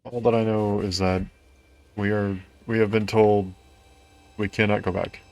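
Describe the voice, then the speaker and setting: A man's voice: fairly low pitch, little pitch movement, a little slow, darkish tone. A man streaming a video game, talking to himself in a puzzled, self-mocking way as he plays. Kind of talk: let's-play commentary. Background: faint game music.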